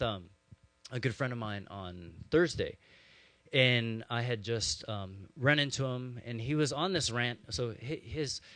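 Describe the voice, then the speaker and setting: A man preaching a sermon, telling stories in a lively, conversational way with frequent asides to his listeners. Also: mid-range voice, dry recording. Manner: animated storytelling with conversational asides. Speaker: pastor.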